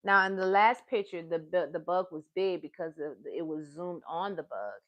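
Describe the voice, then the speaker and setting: A woman's voice: on the low side, expressive, a bit bright, highs cut off. A woman reading a picture book aloud to young children on a live stream, asking them questions along the way. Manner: slow, sing-song, asks the listeners questions. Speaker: children's storytime reader. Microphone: streaming live, close to the device.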